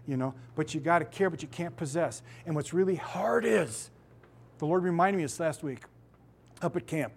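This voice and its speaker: Preaching a sermon in a slightly high, slightly mellow voice, a middle-aged pastor tells lively stories. He performs the voices of their characters and laughs frequently.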